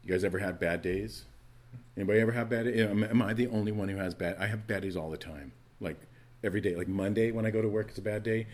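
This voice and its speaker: This man's pitch runs on the low side, and he talks fast with fairly even intonation. Preaching as a pastor, he sounds earnest and conversational, stumbling into restarts and alternating booming emphasis with soft asides.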